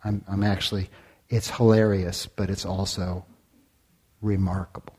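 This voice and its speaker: A man giving a dharma talk as a meditation teacher. He speaks deliberately, sometimes drops to a whisper, and asks the listeners many rhetorical questions. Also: deep voice, little pitch movement, a little mellow, husky. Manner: deliberate, with long pauses, sometimes dropping to a whisper.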